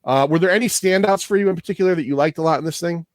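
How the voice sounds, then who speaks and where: A man's voice: fairly high pitch, rapid-fire, dry recording, studio quality. A man hosting a podcast, talking casually and profanely, rambling through trivia and laughing often. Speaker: podcast host.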